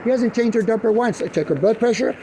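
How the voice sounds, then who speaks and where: Agitated high-voiced man venting, cursing. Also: quick pace, mellow, slight background noise. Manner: agitated, rambling, profane. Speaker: family member speaking to police. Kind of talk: heated account of a family dispute.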